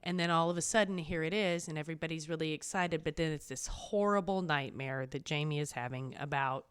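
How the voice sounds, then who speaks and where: A young woman co-hosts a casual podcast, blunt and enthusiastic, swearing freely as she talks. Her voice sits on the low side. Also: brisk, clean tone. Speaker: podcast co-host. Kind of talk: casual chat.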